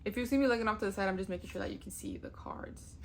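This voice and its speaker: A woman's voice: medium pitch, rapid-fire, gravelly, a little hiss or hum. Chatty young woman gushing about cards. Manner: chatty, gushing, swears casually, laughs often. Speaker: tarot vlogger. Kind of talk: casual chat.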